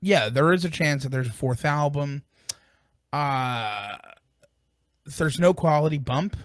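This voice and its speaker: A man's voice: a little high, slow pace, no echo, studio quality. Joking man co-hosting a music podcast. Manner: joking, rambling, many fillers. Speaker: podcast co-host. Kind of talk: casual music review chat.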